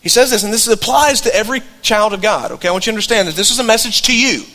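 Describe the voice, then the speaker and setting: A man's voice: high-pitched, lively intonation, racing, sharp tone. A middle-aged man preaching a sermon in a conversational storytelling way, often restarting his sentences. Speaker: pastor.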